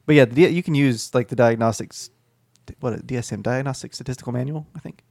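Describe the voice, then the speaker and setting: A man's voice: medium pitch, fast talker, gravelly, a little mellow, dry recording. Rambling man on a close, dry mic. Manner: rambling, explanatory, heavy on fillers. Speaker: podcast co-host, mental health professional. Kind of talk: casual group chat.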